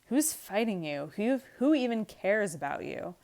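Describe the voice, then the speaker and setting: A woman reading aloud the lines of a bitter, frustrated young husband from a script, slightly louder than her narration. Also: medium pitch, very animated, measured pace. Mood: angry, bitter. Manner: read aloud from a script, lightly acted.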